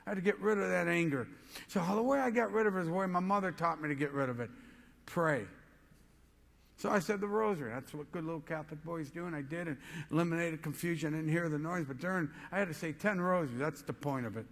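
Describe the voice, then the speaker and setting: A man giving a motivational keynote speech, telling an excitable story and rising to shouts. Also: fairly high pitch, fast, vocal fry, long reverb tail. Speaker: motivational speaker.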